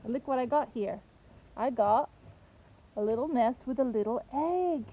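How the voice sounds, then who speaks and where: A woman's voice: fairly high pitch, animated, unhurried. A woman teaching a young child outdoors, patiently asking questions and telling a story. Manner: patient questioning, coaxing answers. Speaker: home teacher. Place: outdoors in a garden. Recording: tinny phone-like sound, faint noise.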